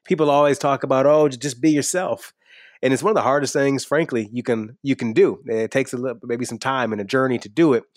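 A man's voice: medium pitch, fast talker, hardly any pauses, dry recording, studio quality. A man speaking as a podcast guest in a casual, earnest and enthusiastic way, repeating words when he is emphatic. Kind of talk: casual interview talk.

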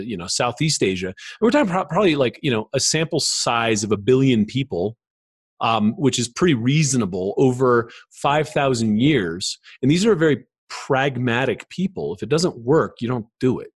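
A man's voice: medium pitch, moderate pace, husky, no room sound. A man speaking as a guest in a casual interview, telling stories animatedly and acting out what others said, with many "you know"s. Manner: animated, acts out quoted voices, many fillers. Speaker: podcast guest.

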